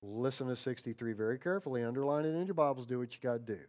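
A man preaching to his congregation in an offhand, talky way, stumbling and correcting himself as he goes. He drops his voice low and quiet for scripture, then builds to a rising, repeated chant. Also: racing, hardly any pauses. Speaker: pastor. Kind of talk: sermon.

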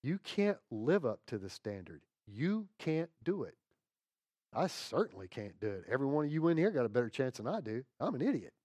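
A man preaching a sermon to a congregation, swinging between loud exclamations and hushed asides. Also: mid-range voice, very animated, brisk, no echo. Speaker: pastor.

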